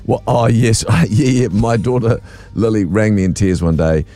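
A man's voice: on the low side, normal speed. A middle-aged man, chatting as a radio co-host and telling stories with easy laughs. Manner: animated storyteller, laughs easily. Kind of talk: casual radio chat.

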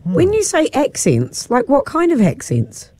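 A woman's voice: high-pitched, huge pitch swings, a little slow, dark tone. A woman, hosting a radio show and asking curious questions. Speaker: radio host. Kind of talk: casual radio chat.

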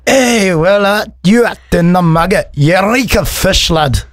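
A man's voice: sits high, a little slow, dry recording. A man putting on an Irish accent, playing a boisterous man at the pub with exaggerated exclamations. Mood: rowdy. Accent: Irish, put on.

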